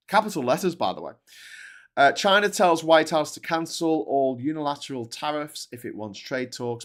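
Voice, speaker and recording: Man, casual commentary host, rambling, animated, middle-pitched. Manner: rambling, animated, with frequent restarts.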